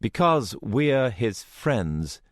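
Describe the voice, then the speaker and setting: A man's voice: medium pitch, very animated, extremely slow, no room sound, clean studio sound, voice pushed up. A male narrator voicing a bold, combative young woman who talks bluntly and defiantly.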